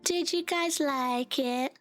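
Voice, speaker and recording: A young British woman streamer chats with her viewers in a high, bubbly voice, hoarse and worn from a long session. She is excitable and quick to giggle. Faint music plays in the background. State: hoarse, voice giving out. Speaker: VTuber streamer. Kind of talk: casual livestream chat.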